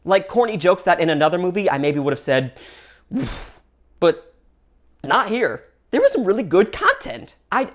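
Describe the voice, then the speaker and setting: A woman hosting her own channel, giving an upbeat solo movie review with lively swings in her voice. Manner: gushing and upbeat, with big pitch swings between phrases. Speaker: film reviewer and channel host.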